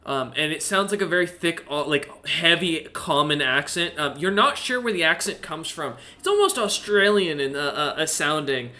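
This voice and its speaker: A man narrates a tabletop game as its game master, his voice bright and a touch higher than most. He rambles between descriptions, filling the gaps with ums and uhs. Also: sing-song, normal speed, few pauses. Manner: rambling with many fillers.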